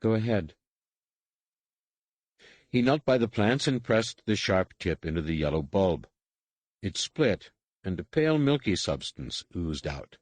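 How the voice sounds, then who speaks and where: A man reads a science-fiction audiobook in a measured, even storytelling manner. His voice sits low, and the studio recording is close and dry with no room sound. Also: dry recording. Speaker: audiobook narrator. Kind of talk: scripted narration.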